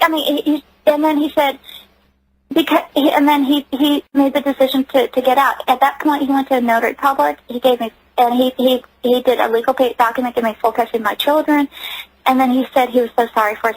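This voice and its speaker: A woman's voice: high-pitched, breathy edge, dry recording, low-quality recording. A woman giving personal testimony as a radio interview guest, earnest and emotional, often restarting her sentences.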